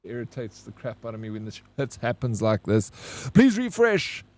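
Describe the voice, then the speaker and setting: A man's voice: lowish voice, flat delivery, fairly quick, warm tone, no echo. A man with a South African accent talks loosely to his stream while he plays. He greets viewers by name and swears freely, in an easygoing, chatty way. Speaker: game streamer. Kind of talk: casual live-stream chat.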